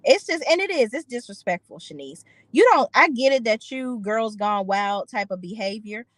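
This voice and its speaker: A woman's voice: on the high side, expressive, normal speed, dry recording, poor audio. A woman giving an opinionated, sassy recap of a reality TV episode, slipping into voices for the people she quotes. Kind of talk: casual recap commentary.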